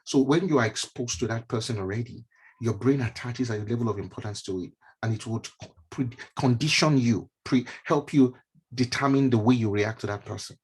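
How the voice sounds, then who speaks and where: Brief: husky-voiced male neurologist, emphatic, repetitive motivational teacher, mid-pitched. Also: brisk. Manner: emphatic, repeats key phrases; conversational asides and fillers. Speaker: neurologist giving a mentorship talk. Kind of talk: motivational teaching talk with slides. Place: online stream presentation.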